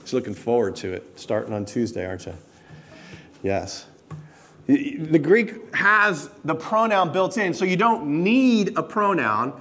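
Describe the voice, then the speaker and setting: Unhurried yet very animated, this pastor's slightly high voice drives an emphatic, direct sermon. He keeps asking the congregation rhetorical questions, working up to loud stresses delivered again and again.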